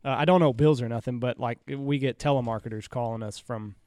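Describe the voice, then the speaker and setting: A man, a podcast co-host in casual chat, relaxed and dropping wry comments. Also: mid-range voice, a little fast, no echo, studio quality.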